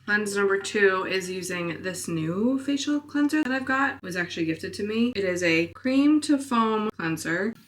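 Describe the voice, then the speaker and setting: A woman in her thirties talking casually through her evening skincare and reading, candid and quick to laugh at herself. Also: medium pitch, expressive, a little hiss or hum. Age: 30s. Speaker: vlogger. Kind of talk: casual vlog voice-over and talk to camera.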